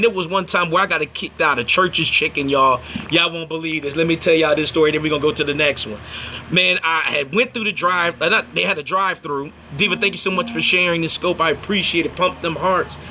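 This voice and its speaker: A man's voice: a little high, a little fast, a little hiss or hum. A young man hosting a casual livestream, telling stories animatedly and breaking off to thank viewers. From Indiana, United States. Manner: animated storyteller, acts out quotes, thanks viewers mid-story. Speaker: livestream host.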